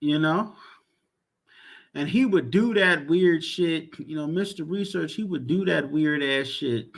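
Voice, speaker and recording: High-voiced man ranting in slang. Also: unhurried, gravelly. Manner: profane, repetitive, exasperated. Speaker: commentary vlogger. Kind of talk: casual rant.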